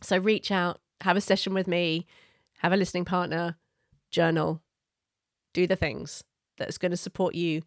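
A middle-aged woman coach giving parenting advice in an earnest, gentle, conversational way. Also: fairly low pitch, level tone, normal speed, no room sound, studio quality.

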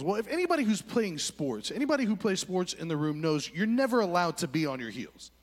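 A young man preaching, telling a lively story with voiced quotes in a church hall. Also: high voice, a little fast. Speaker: pastor. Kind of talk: sermon story. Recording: long hall reverb.

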